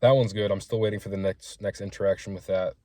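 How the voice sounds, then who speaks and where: Low-voiced young man swearing through stories. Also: fairly even intonation, quick pace, warm tone, no room sound, studio quality. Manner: profane, rambling, frank storytelling with acted-out quotes. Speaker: small business owner telling gym stories. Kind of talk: casual storytelling vlog.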